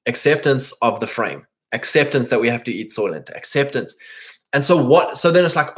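A man in a casual, rambling monologue, full of fillers and quick asides, often acting out other people in mock voices. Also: medium pitch, animated. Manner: rambling, peppered with "like" and "right?".

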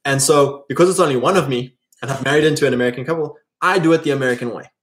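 A man with a South African accent talks casually, in a loose, rambling way. His voice sits at an ordinary middle pitch. He fills his talk with fillers and restarts. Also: rapid-fire. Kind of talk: casual monologue.

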